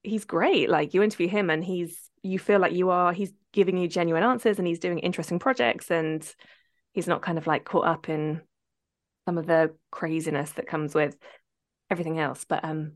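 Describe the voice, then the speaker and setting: A woman's voice: on the low side, steady tone, normal speed, dry recording, studio quality. A woman co-hosting a podcast, telling stories in a chatty way full of fillers and laughter. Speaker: podcast co-host. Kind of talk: casual interview chat.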